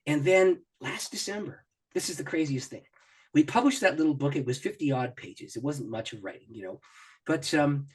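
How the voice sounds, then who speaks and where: A middle-aged man with a slightly husky voice tells personal stories as a guest in an interview. His pitch swings widely as he acts out his own thoughts, and he laughs often as he talks. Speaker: pastor and author, interview guest. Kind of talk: animated personal storytelling in an interview.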